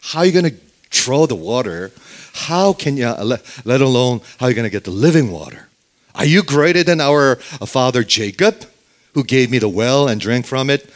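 A man voicing a bitter, sarcastic Samaritan woman at a well, raising his pitch and firing off indignant questions. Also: sing-song, moderate pace.

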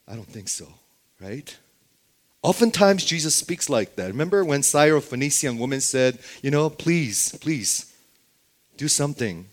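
A man's voice: on the high side, lively intonation, moderate pace. A man preaching a Bible sermon who keeps asking his listeners rhetorical questions and checking in with "okay?".

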